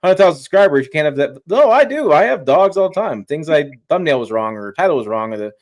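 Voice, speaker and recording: A man's voice: on the high side, sing-song, fast talker. Rambling, enthusiastic man talking trucks. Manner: rambling, restarts often, enthusiastic. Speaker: guest truck reviewer. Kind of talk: casual livestream chat.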